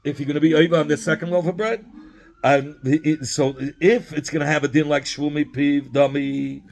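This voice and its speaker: A man's voice: on the high side, fairly even intonation, normal speed, gravelly, darkish tone. A man teaching a Talmud study lesson, explaining by repeating phrases and asking questions, mixing in Hebrew and Yiddish terms.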